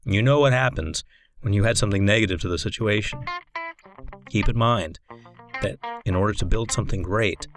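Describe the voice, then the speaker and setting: A man giving a recorded course lecture on coaching, in a measured, instructive way. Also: lowish voice, over music. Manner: measured, instructive, deliberate delivery.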